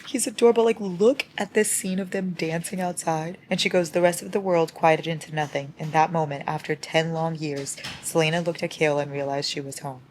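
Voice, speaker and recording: A woman's voice: sits low, fairly even intonation, moderate pace, few pauses, slight background noise. A young woman chatting casually at home about the books she is reading, swearing and reacting dramatically. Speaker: book vlogger. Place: home at night.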